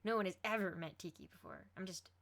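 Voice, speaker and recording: A woman voicing a flustered, secretive teenage girl superhero, hushed and nervous. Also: on the low side, fast.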